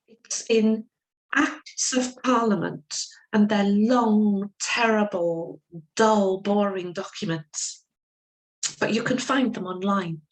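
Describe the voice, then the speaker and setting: Slow, deliberate woman lecturing. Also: medium pitch, low-quality recording. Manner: slow, deliberate storytelling, acting out quoted speakers. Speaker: legal English teacher. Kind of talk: lecture with case stories.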